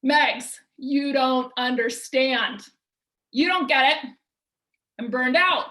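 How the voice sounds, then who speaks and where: A woman voicing an overwhelmed, stressed parent who complains loudly and sounds exasperated, in a roomy-sounding recording. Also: sits high, slow, heavily acted. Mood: whiny. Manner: whiny, exasperated, loud. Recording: roomy echo.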